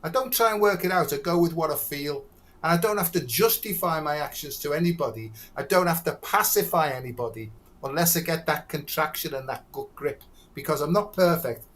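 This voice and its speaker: A man's voice: fairly high pitch, lively intonation, brisk, fairly bright tone. A man, a doctor talking as a guest in a casual, earthy and blunt way, swearing freely. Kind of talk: casual conversation.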